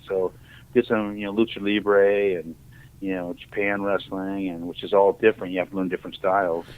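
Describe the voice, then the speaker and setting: A middle-aged man from Ohio, appearing as a podcast guest, rambles animatedly through casual stories and jumps into the voices of the people he quotes. His voice is on the lower side but comes through thin and tinny, like a phone line.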